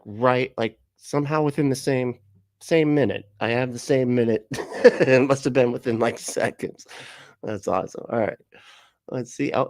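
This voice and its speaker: A man riffs sarcastically on a clip, laughing and cursing as he reads chat comments. His voice sits at an ordinary middle pitch and sounds close and dry, with no room around it. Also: darkish tone, dry recording. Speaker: commentary streamer. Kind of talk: mocking reaction commentary.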